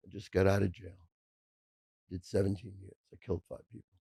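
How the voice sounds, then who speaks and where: A man playing a hushed, menacing mobster. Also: steady tone, fairly quick, vocal fry, slightly rough, no room sound, heavily acted. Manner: profane, low and threatening. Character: menacing middle-aged male mobster, fresh from prison.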